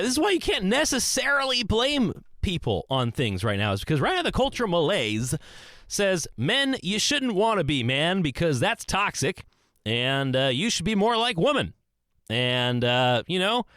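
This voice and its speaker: A man's voice: fairly bright tone, no room sound, clean studio sound. A young man hosting a podcast, talking alone in a casual, earnest and rambling way, restarting his sentences often. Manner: earnest, rambling, with many restarts and swings in pitch. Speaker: podcast host. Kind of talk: casual solo monologue. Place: small closet.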